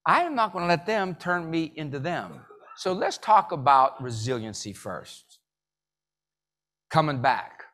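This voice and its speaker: A man giving a live motivational keynote, telling jokey stories and leading the audience in call-and-response with sudden loud bursts. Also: fairly high pitch, big pitch swings, unhurried. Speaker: motivational speaker.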